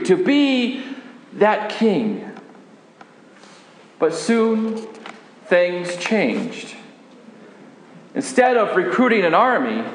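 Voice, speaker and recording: Grieving devoted Mary, played by a man, high-pitched, slow and halting, tearful, roomy church reverb. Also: exaggerated voice. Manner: halting, emotional, tearful storytelling. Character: grieving woman disciple Mary, devoted and fearful. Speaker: pastor. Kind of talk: first-person dramatic sermon monologue. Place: church sanctuary. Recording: echoey church hall, long reverb.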